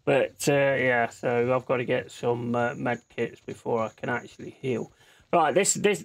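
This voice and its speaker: Speaking unhurriedly in a creaky, medium-pitched voice, a man plays games on his own channel. His commentary is casual and chatty, full of easy laughter and free swearing.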